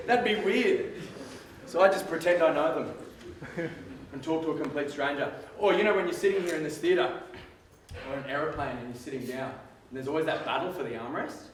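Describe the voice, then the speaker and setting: An Australian man in his twenties speaks to a school audience, jokey and animated, stretching out words for effect. His slightly raised voice sits far from the mic, and it rings around a big echoey theatre with faint room noise behind. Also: on the high side. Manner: lively, joking, drawn-out emphasis. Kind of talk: live talk to students.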